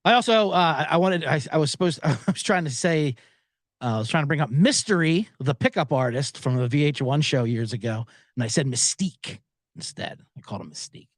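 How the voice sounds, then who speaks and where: An American man hosts a solo podcast from a cramped booth, rambling and cursing at himself. His pitch swings widely and sits a little high for a man. The sound is dry and close, with no room echo. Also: expressive, fairly quick. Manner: self-deprecating, profane, digressive. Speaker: podcast host. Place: small booth.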